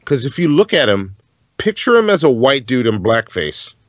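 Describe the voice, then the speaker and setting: Joking male podcast guest, lively pitch. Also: normal speed, dry recording, lo-fi sound. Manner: joking, laughs at his own jokes. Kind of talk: casual chat.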